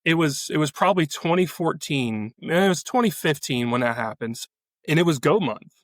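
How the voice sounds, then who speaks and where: A man's voice: on the high side, expressive, no echo. A man sharing a personal faith testimony as a guest, often restarting and repeating words as he remembers. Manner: halting, repeats words as he recalls. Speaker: podcast guest.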